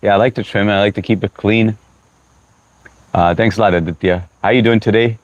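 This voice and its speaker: A man's voice: lowish voice, fairly even intonation, brisk, no echo, lo-fi sound. Sleepy young man hosting a livestream. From United States. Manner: friendly, greets chatters by name, mixes in Hindi phrases. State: short on sleep. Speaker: livestream host. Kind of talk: casual livestream chat greeting viewers.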